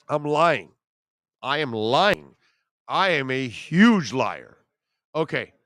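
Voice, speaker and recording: Middle-aged male sports talk host, casual and chatty, smooth voice, dry studio sound. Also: medium pitch, a bit bright, no room sound. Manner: chatty, self-deprecating, emotional. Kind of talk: casual live show chat reading comments.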